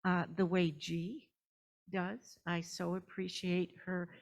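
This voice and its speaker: An older woman giving an unhurried, earnest testimony at a church service, with a gentle joke now and then. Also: fairly low pitch, level tone. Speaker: church newcomer. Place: church sanctuary.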